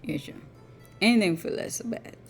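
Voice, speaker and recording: A woman's voice: medium pitch, moderate pace, faint music behind. A woman casually commenting on a game as she plays, reading its dialogue aloud and joking about her own accents. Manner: playful, self-mocking, laughs at own accents. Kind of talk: casual gameplay commentary with read-out character voices.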